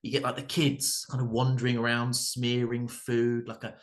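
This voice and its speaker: A man in his thirties doing a stand-up set, halting and full of ums and restarts. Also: medium pitch, monotone. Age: 30s. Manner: hesitant, many ums and restarts. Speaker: stand-up comedian. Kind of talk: stand-up routine at an open mic.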